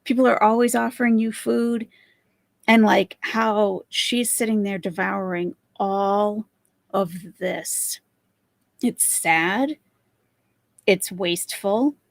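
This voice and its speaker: Sarcastic woman with a gravelly voice. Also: medium pitch, no echo. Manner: sarcastic, mocking. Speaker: live-stream host. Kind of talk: reaction commentary.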